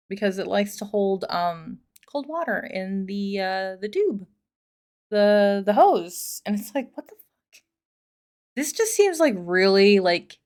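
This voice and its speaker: A woman reads online stories aloud, then breaks off to comment. Her voice is middle-pitched and conversational. She swears freely and wanders into chatty asides. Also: fairly bright tone. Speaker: host reading and reacting to online posts. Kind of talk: casual commentary and reading aloud.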